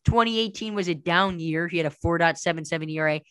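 A man co-hosting a casual sports podcast, animated and heavy on statistics. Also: fairly high pitch, fast, smooth, no echo. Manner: stat-heavy, animated, jokingly does an impression. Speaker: podcast co-host.

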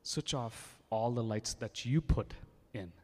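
A man's voice: medium pitch, slow. A man from India with an Indian accent, preaching a sermon in a fervent, repetitive way, often restarting his phrases. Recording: long reverb of a large hall.

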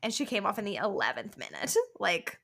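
A young woman co-hosting a podcast chats casually about a soccer match, swearing and laughing a lot. Her mid-range voice swings widely in pitch, moves briskly, and is a bit bright with vocal fry.

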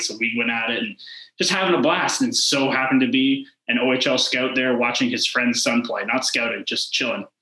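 A man's voice: mid-range voice, bright, forceful tone. A man in his twenties, a former hockey player, telling his story in a casual interview. He rambles and fills his talk with "like" and quoted back-and-forth. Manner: rambling, heavy use of "like" and quoted dialogue. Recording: echoey room.

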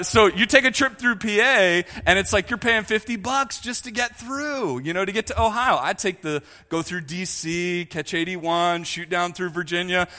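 A man's voice: sits high, in a large hall. A man preaching a sermon, joking with his congregation and talking to them directly. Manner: jokey, animated, talks to the congregation. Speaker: pastor.

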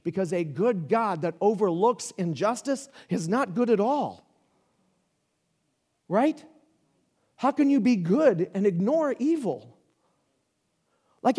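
A man preaching a sermon in a conversational, animated way, building to loud shouts. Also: very high voice. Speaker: pastor.

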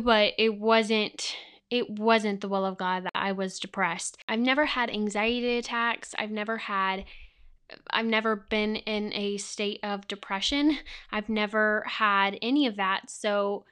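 A woman's voice: mid-range voice, fairly bright tone, clean tone. A young woman hosting a podcast, telling a personal faith testimony in an earnest way and repeating words for emphasis. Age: young adult. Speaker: podcast host.

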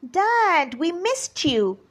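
Excited little boys in a kids' storybook, put on by a breathy woman reading aloud, voices jumping way up high and swinging all over. they sound soft and slow. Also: exaggerated voice. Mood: eager. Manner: high squealing eager voice. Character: two excited little boys, eager and gleeful.

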